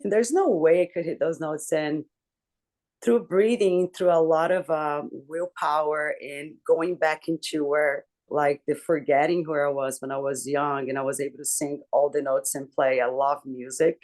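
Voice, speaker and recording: A woman's voice: sits low, steady tone, a little mellow. Woman chatting on a group call, candid and emotional, lots of restarts and likes, swears a bit. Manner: talks in halting restarts and fillers. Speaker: book club member.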